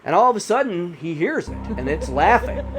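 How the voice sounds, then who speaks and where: A man's voice: sits high, sing-song, a little fast, music in the background. A man telling a horror story in a casual, rambling way, full of "you know" fillers. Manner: rambling, many 'you know' fillers.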